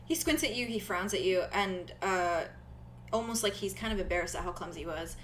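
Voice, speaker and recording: Bright, chatty woman game master, lots of fillers. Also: medium pitch, brisk, a little hiss or hum. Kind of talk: narrating a tabletop game.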